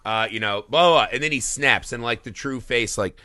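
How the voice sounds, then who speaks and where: A man's voice: mid-range voice, brisk, no echo. A man in his thirties co-hosting a film podcast, talking casually and swearing a lot as he acts out scenes. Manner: animated, profane, acts out scenes in quoted voices. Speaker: podcast co-host.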